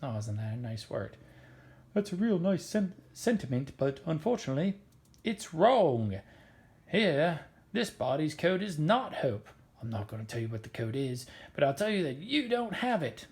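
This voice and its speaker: A man's voice: a little high, sing-song, moderate pace. A man explaining a biology lesson in a chatty, playful way, with plenty of filler words. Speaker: science teacher.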